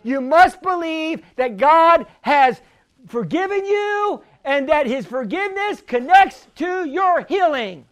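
A pastor preaching a healing sermon, fervent and often shouting, calling for responses from the congregation. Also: male voice, very high-pitched, expressive, slow.

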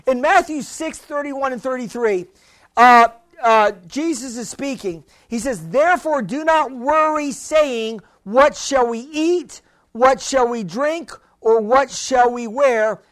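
High-pitched guy preaching hard, repeats himself, asks the church for a witness. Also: fairly bright tone. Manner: fervent, repeats phrases, calls for response. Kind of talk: sermon.

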